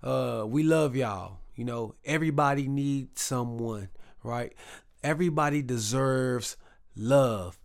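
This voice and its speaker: A man's voice: mid-range voice, takes it slowly, creaky. A man from Texas with a Southern accent, hosting a casual solo podcast in a chatty, repetitive, hyped-up way. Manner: chatty, repetitive, hype call-and-response phrasing. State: recovering from a rough voice. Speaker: podcast host.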